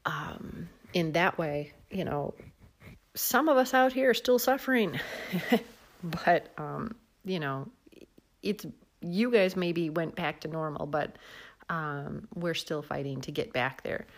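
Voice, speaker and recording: A woman's voice: low voice, slow. A woman with a Midwestern American accent hosting a casual solo chat, chatty and full of fillers and laughs. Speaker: podcast host.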